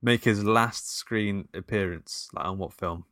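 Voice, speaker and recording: Guy hosting a film quiz on a podcast, lowish voice, bright and punchy, dry close sound. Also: measured pace, dry recording. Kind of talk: casual chat.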